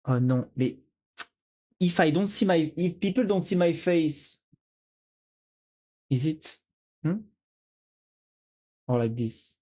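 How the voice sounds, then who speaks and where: Streamer, casual live-stream chat, playful, self-mocking, very unhurried. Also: mid-range voice, lively intonation, dark tone.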